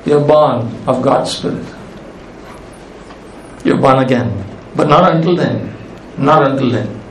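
A man's voice: mid-range voice, measured pace, roomy sound, a little hiss or hum, rough recording. A male pastor preaching a sermon, emphatic and repeating his key phrases.

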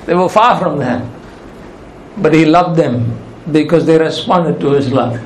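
A man's voice: a little high, measured pace, roomy sound, slight background noise, rough recording. A male pastor preaching a sermon, emphatic and repeating his key phrases.

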